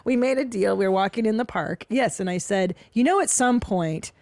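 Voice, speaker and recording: A woman's voice: medium pitch, normal speed, a little mellow, no room sound. Chatty laughing woman, podcast banter. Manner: chatty, laughs often, storytelling. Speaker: podcast co-host. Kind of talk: casual comedic chat.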